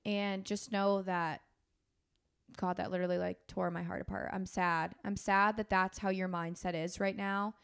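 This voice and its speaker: A woman's voice: fairly low pitch, flat delivery, moderate pace, vocal fry, smooth. A woman hosting a podcast, talking in an earnest, encouraging and emotional way. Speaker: podcast host. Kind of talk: heartfelt podcast talk.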